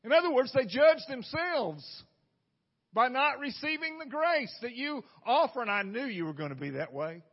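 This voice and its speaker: High-voiced folksy preaching man. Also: very animated, moderate pace, slightly rough, dull audio. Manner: folksy, asks the room rhetorical questions. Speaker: pastor. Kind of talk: conversational sermon.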